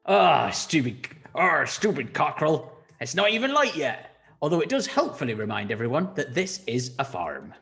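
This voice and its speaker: A man voicing a gruff, crude male farmer with a put-on rural accent in an improvised comedy scene. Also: fairly high pitch, big pitch swings, normal speed, a bit bright, soft background music, heavily acted. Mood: grumpy. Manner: blunt, sweary, offhand.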